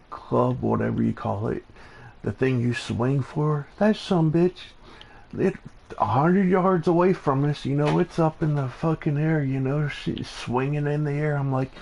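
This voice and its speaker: A man hosting a live stream in casual chat, laid-back and profane, laughing often, with a gravelly voice. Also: mid-range voice, a little mellow.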